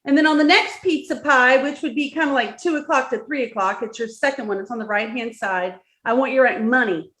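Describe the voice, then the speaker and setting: Brisk and with few pauses, this Southern-accented woman's high, slightly bright voice guides a live-streamed workshop audience through instructions one step at a time. She repeats key words and checks in frequently.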